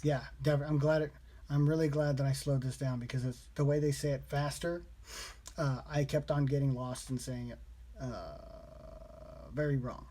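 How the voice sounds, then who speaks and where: A man vlogging his language study, slowly repeating practice phrases aloud in a casual way. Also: medium pitch, creaky, warm tone. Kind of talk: casual self-taught lesson vlog.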